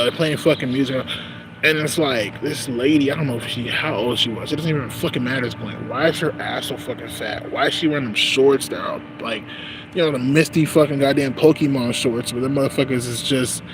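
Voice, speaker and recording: Male vlogger, loose profane ramble with constant "you know" tags, walking outdoors, traffic noise underneath. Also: mid-range voice. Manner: rambling, heavy swearing, frequent "you know what I'm saying". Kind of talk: casual unscripted monologue.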